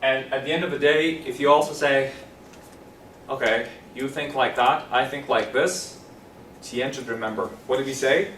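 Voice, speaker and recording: A man teaching an English class, animated, repeating phrases slowly and clearly for his students. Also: mid-range voice, slight background noise. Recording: roomy classroom from a distance.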